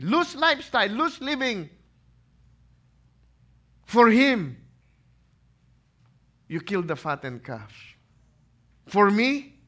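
A man voicing a resentful elder son who complains loudly and indignantly. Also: very high-pitched, pitched above the performer's own voice, exaggerated voice.

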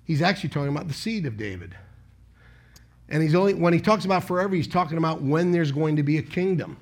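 A man with a notably high voice delivers a sermon that feels like a conversation with the pews. He asks his listeners rhetorical questions and keeps breaking into sudden loud emphasis on key words. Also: expressive, fast talker. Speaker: preacher.

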